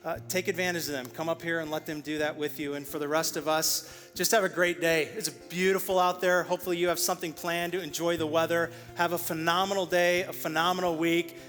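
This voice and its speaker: A man's voice: a little high, level tone, a little fast, few pauses, a bit bright, faint music behind. A man pastor telling a childhood story to close his sermon, putting on playful voices for quotes. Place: church auditorium. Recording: large church hall with reverb.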